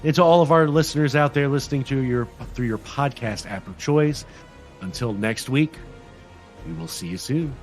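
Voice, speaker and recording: A man's voice: mid-range voice, normal speed, soft background music. A man hosting a casual gaming podcast, chatting loosely and laughing often. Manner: laughs often, relaxed rambling. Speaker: podcast host.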